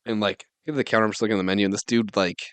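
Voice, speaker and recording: A man's voice: lowish voice, fairly even intonation, very fast, no room sound. A man in his twenties telling a rambling story to friends on a podcast, filling nearly every phrase with "like". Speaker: podcast co-host. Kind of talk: casual storytelling among friends.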